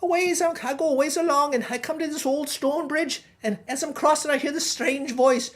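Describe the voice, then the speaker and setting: Here is a rambling, folksy male Irish pig farmer in middle age, spinning a comic tale in a thick stage Irish accent, as a woman acts him out. The voice sits high and light. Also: moderate pace, natural voice. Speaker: guest host. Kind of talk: comic monologue in character.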